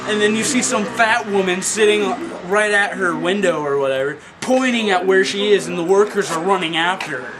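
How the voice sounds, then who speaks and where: High-voiced man telling a profane story. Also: normal speed, few pauses, noisy background. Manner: profane, animated, swings between mutters and yelps; laughs while telling. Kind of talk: comic storytelling monologue.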